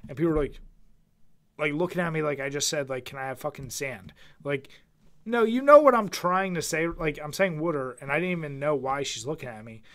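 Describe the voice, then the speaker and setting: A man's voice: fairly high pitch, animated, a little fast, a bit bright. A young man with a Philadelphia accent co-hosting a podcast, talking casually, teasing his friend with profanity and frequent laughter. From Philadelphia, USA. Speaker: podcast co-host. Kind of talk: casual chat.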